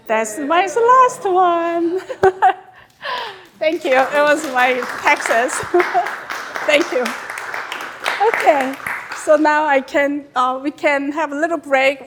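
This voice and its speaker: Korean-accented woman, high and lively. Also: noisy background. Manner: chatty, animated, non-native grammar. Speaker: guest lecturer. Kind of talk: lecture with slides.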